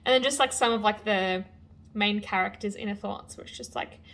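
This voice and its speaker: A young woman chatting casually to camera as a book vlogger, animated and full of fillers. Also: medium pitch, fairly quick. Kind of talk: casual vlog chat.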